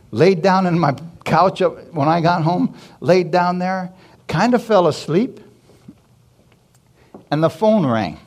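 A man's voice: sits high, expressive, unhurried. A man telling a personal story in a church sermon, stopping often to ask the congregation questions and chuckling as he goes. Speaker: preacher giving testimony. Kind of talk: sermon testimony.

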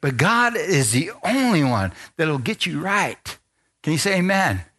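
A man's voice: on the high side, very animated, moderate pace, sharp tone. A man preaching a sermon as a pastor, speaking conversationally and asking the congregation for amens.

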